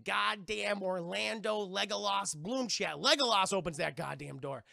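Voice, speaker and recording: A male streamer rambles through a film plot for his chat, animated and profane. His voice is high, bright and forceful, with heavy vocal fry. The sound is close and dry, with no room echo. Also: normal speed. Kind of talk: casual retelling of a film to chat.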